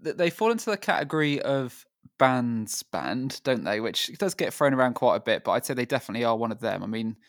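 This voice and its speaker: Man, podcast co-host, thoughtful and measured, dry close mic. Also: mid-range voice, animated, fairly bright tone, no room sound. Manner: thoughtful, measured, hedging with fillers. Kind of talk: casual music podcast chat.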